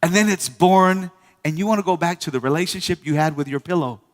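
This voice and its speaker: A male pastor preaching a sermon in a church, lively, with call-and-response asides to the congregation. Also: fairly high pitch, fairly quick, in a large hall. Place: church hall.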